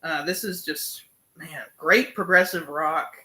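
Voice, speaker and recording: A man's voice: on the high side, slow, pushed and bright. A young man giving a casual, enthusiastic album review, full of fillers and humming along to the songs. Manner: enthusiastic, many fillers, hums and sings along. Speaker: music reviewer.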